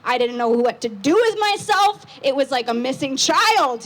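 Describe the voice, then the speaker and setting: A young woman on an outdoor patio stage, telling a story into a microphone, loud and excitable with lots of fillers. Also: high voice, moderate pace.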